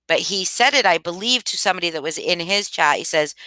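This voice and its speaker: A woman's voice: on the low side, fairly quick, hardly any pauses, sharp tone, dry recording. A woman talking casually to her live chat, emphatic and repeating her points with many restarts. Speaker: livestream commentator. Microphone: home streaming mic.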